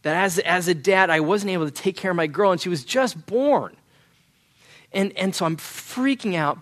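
A young adult man preaching a sermon, telling a personal story in an earnest, halting way and often clearing his throat. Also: high-pitched, a bit bright. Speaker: pastor.

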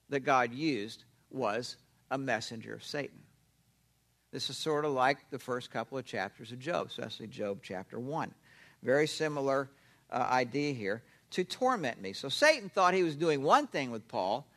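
A man preaching a sermon, animated and emphatic, asking questions and answering them himself. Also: fairly high pitch. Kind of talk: expository sermon.

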